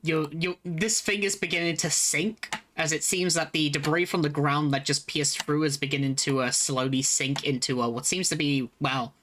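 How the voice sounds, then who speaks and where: Male game master, halting narration. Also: fairly high pitch, steady tone, a bit bright, a little hiss or hum. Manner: halting, lots of fillers.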